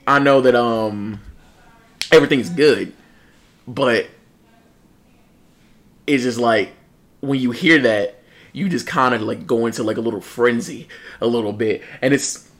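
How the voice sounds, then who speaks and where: A young man in casual chat, telling lively stories, mimicking people and laughing often. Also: mid-range voice, unhurried, pauses often. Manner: animated storyteller, mimics people, laughs a lot, swears.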